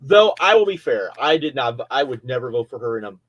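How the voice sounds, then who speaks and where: Male co-host, mid-pitch, hedges and restarts constantly, dry booth sound. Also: brisk, dry recording, muffled recording. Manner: hesitant, restarts and self-corrects while arguing. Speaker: podcast co-host. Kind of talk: casual debate chat.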